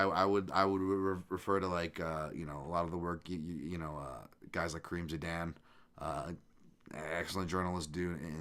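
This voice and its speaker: A young American man hosts a livestreamed podcast and reads viewer comments aloud. His voice sits a bit low, and he talks in a loose, rambling way, full of fillers and restarts. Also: a bit bright. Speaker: podcast host. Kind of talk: casual livestream chat reading comments.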